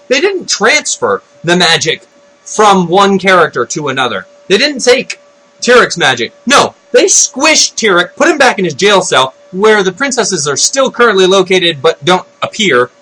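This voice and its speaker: A man giving an unscripted, excitable rant about a cartoon episode, retelling it with loud exclamations. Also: high-pitched, slightly rough, low-quality recording. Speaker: video blogger. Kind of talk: unscripted ranting commentary.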